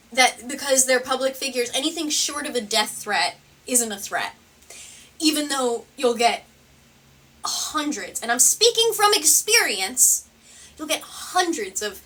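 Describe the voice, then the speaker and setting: A woman hosting a reaction commentary, talking in a sarcastic, rambling way and swearing as she goes. Her voice sits a bit high and sounds bright. She is set back a little from the microphone. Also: recorded from a distance. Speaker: commentary video host.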